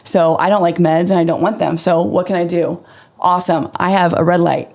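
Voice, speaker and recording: A woman's voice: fairly low pitch, fairly even intonation, brisk, creaky, a little mellow. A woman in her thirties co-hosting a podcast, talking candidly in a rambling, chatty way. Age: 30s. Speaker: podcast co-host. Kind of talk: casual chat.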